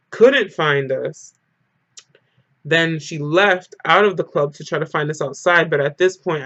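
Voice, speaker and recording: A man with a fairly high voice recounts an emotional story in a casual vlog, scattering "like" through every sentence. The recording is dull and lo-fi, dry and close with no room echo. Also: a bit bright. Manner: emotional storyteller, heavy use of "like". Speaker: vlogger.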